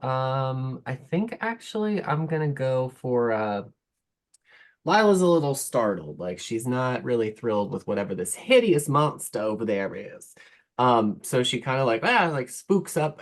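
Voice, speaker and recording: A player in a tabletop game, chatting casually with lots of fillers while deciding a move. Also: medium pitch. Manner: chatty, hesitant, many fillers.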